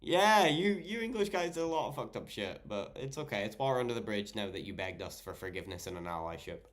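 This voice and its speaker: A man's voice: fairly low pitch, expressive, fast. A young Scottish man chatting on a livestream while tipsy and tired, rambling and swearing a lot as he jokes through viewer messages. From Scotland. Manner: rambling, heavy swearing, joking. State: intoxicated and tired. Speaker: livestreamer reading chat. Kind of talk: casual livestream chat.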